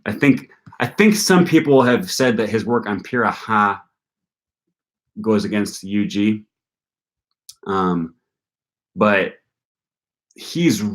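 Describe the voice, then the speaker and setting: Low-voiced young man chatting casually. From North Carolina. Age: young adult. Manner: casual, thinking aloud with frequent ums. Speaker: channel host answering viewer questions. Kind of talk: live-stream Q&A chat.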